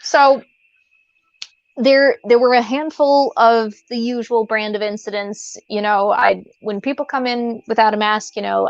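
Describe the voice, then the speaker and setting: A woman's voice: fairly high pitch, steady tone, unhurried, vocal fry, no echo. A woman co-hosting a podcast in casual chat, rambling with lots of fillers and restarts. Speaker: podcast co-host. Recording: dull lo-fi sound.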